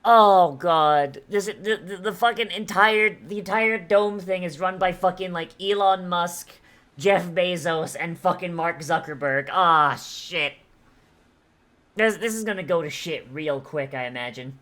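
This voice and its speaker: A young adult woman streaming a game, chatting casually, swearing and bursting into excited shouts. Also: fairly low pitch, unhurried. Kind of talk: casual live-stream commentary.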